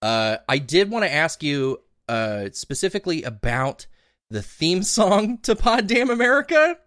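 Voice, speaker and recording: A man hosting a podcast, chatting casually, lively and laughing often with loose swearing. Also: a little high, unhurried, no room sound, studio quality. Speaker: podcast host.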